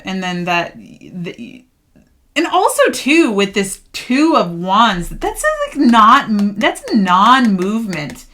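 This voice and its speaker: Woman doing a tarot reading, bright voice, rambly and worked up, lots of "like". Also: mid-range voice, slow pace. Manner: chatty, fired-up, emphatic, many "like" fillers. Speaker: tarot reader. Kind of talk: casual tarot reading monologue.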